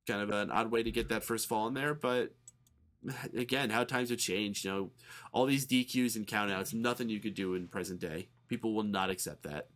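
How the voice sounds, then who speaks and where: A man co-hosting a podcast, casually recapping a match with quick asides and the odd swear word. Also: fairly low pitch, fairly bright tone. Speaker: podcast co-host recapping wrestling.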